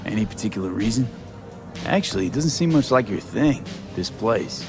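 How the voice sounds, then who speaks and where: A man's voice: fairly low pitch, lively intonation, moderate pace, music in the background, lightly acted. A man playing a blunt, wary game character.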